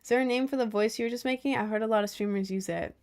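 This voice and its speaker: A woman's voice: a little high, very fast, a little mellow, clear, resonant tone. A young adult woman streaming and chatting casually, reading viewer messages in a rambling way, with lots of fillers and frequent laughs.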